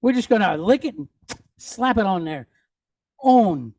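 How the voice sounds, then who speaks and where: A man teaching a Hebrew reading lesson, patiently spelling out letters and vowels and repeating each word slowly. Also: high-pitched, big pitch swings, a little mellow, no echo, studio quality. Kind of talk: classroom teaching.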